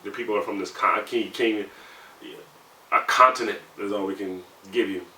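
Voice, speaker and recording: Thirties man, conversational, heats up telling stories; bright timbre, recorded in a roomy space. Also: lowish voice, steady tone, normal speed. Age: 30s. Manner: conversational, heated when recounting, many "you know" fillers. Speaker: navy sailor interviewee. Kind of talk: candid personal storytelling. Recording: roomy sound, mic at a distance, faint background hum.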